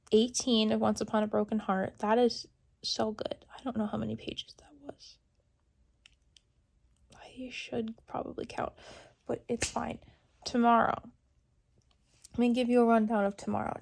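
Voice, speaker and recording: A young woman book vlogger chatting casually to the camera, excitable and chatty, sometimes dropping into a whisper. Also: a little high, gravelly. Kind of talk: casual vlog chat to camera. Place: in a car on the way to a salon.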